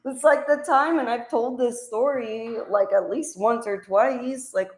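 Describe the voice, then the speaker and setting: A woman's voice: on the high side, unhurried, reverberant. A woman guest on a casual livestream chat, telling stories about her family in a chatty way and laughing often.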